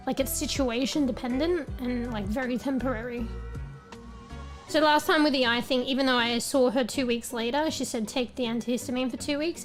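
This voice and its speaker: A woman streamer chatting casually with viewers. She rambles, swears often, and is losing her voice. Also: high-pitched.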